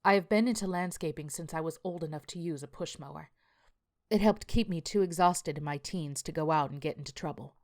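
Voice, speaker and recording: In the role of a weary male landscaper writing in his journal, a woman gives a plainspoken, confessional first-person account tinged with rue. The voice comes across as a man's, a bit high and fairly quick, close to everyday speech.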